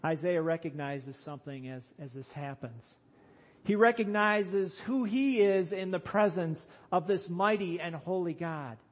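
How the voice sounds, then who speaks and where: Slow, high-voiced preaching man. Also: fairly even intonation. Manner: slow, emphatic preaching that rises to loud calls. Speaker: pastor. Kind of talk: sermon.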